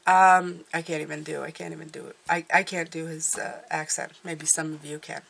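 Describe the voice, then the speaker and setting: A woman's voice: deep voice, level tone, brisk, vocal fry, fairly bright tone, slight background noise. A woman giving a casual tarot reading to her viewers, encouraging and often checking in with "okay?". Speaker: tarot reader.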